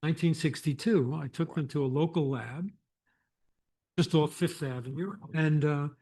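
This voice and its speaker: An older man, a photographer, telling anecdotes on a lecture stage in a reflective, animated way with restarts. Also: on the high side, moderate pace, slightly rough. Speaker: photographer guest. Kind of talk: conversational storytelling.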